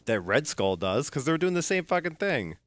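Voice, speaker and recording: A man's voice: a little high, sing-song, moderate pace, dry recording. A man co-hosting a casual comics podcast, argumentative and silly, swearing freely. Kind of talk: casual chat.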